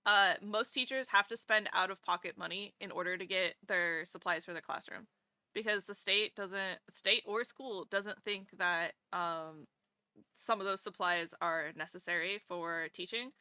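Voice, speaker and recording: Woman, casual stream chat, animated, laughs a lot, crisp bright tone. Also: fairly low pitch, a little slow, dry recording.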